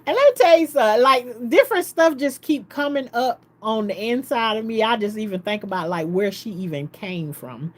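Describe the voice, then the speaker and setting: A woman's voice: fairly high pitch, brisk, hardly any pauses. Woman telling a story, laughing often. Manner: animated storytelling, laughs often, quotes others. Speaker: vlogger. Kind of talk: casual storytelling.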